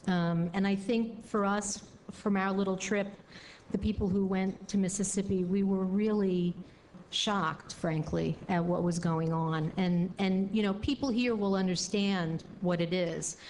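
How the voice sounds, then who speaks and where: A woman's voice: medium pitch, fairly even intonation, a little slow, darkish tone, slight background noise. A woman speaking to a luncheon audience in a conversational, indignant way, with frequent fillers. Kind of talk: speech to an audience.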